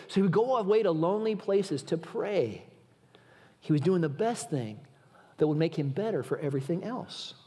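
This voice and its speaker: A man's voice: a little high, animated, moderate pace, mellow. A man preaching a sermon in a casual, earnest way, speaking directly to the congregation in a large church. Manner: earnest, informal, addresses the audience directly. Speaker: guest preacher. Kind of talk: conversational sermon. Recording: long reverb of a church hall.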